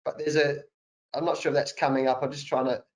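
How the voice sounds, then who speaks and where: A man's voice: medium pitch, level tone, quick pace, rough recording. A middle-aged Australian man, an interview guest on a video call, telling a candid personal story in an earnest, emphatic way and repeating phrases for weight. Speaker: interview guest, cricket coach. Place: home study, indoors.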